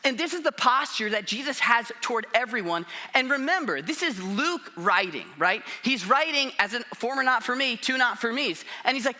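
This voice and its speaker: A man's voice: very high voice, animated, moderate pace, few pauses, sharp tone. A man preaching a sermon in a casual, conversational way, often acting out quotes. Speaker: pastor.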